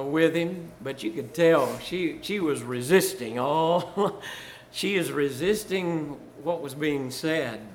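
A man's voice: a little high, a little hiss or hum. An older man from Virginia, a pastor telling church stories in a folksy way, chuckling and rising to fervor. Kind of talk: storytelling testimony.

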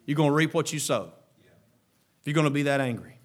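A man preaching a fervent sermon, breaking into shouted exclamations and then dropping to quieter, chuckling asides. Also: fairly high pitch, lively intonation, a little fast.

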